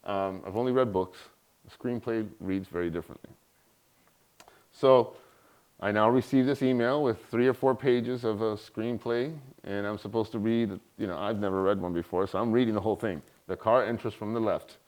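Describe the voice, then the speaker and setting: A man's voice: lowish voice, normal speed. A middle-aged man giving a guest lecture, telling an anecdote and acting out the people he quotes. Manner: animated, acts out quoted voices. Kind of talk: storytelling in a lecture.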